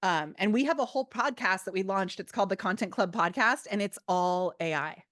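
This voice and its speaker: A woman guest on a podcast, telling stories in a bubbly, animated way with lots of fillers. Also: medium pitch, fairly quick, no echo, clean studio sound. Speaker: guest, business coach. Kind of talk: casual podcast interview.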